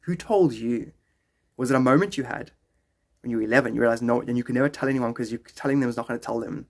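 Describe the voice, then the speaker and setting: A man's voice: medium pitch, fast, vocal fry. A man chatting casually on a phone live stream, rambling and joking, often slipping into silly voices.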